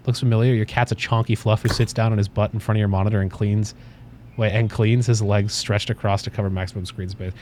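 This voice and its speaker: A man's voice: on the low side, level tone, fast talker, a little mellow, slight background noise. A man hosting a casual livestream from his desk at home, rambling, swearing offhandedly and cooing at his cat. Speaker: livestream host.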